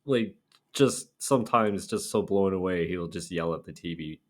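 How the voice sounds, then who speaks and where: A man's voice: sits low, normal speed. A man co-hosting a reaction video, easygoing and agreeable in casual chat. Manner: easygoing and agreeable, chuckles often.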